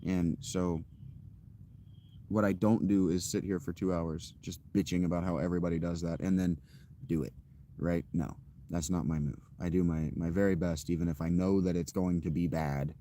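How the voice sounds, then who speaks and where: Low-pitched male streamer, casual and self-deprecating, talking off the cuff to viewers. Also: fairly even intonation, moderate pace, warm tone, a little hiss or hum. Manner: candid, rambling and self-deprecating. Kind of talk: casual chat to a live audience.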